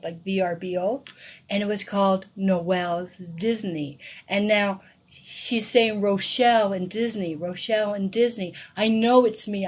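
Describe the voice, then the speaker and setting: Emotional woman telling a story, slight hiss. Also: medium pitch. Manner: emotional, swings from hushed whispers to excited outbursts. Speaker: tarot card reader. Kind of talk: personal story told to viewers.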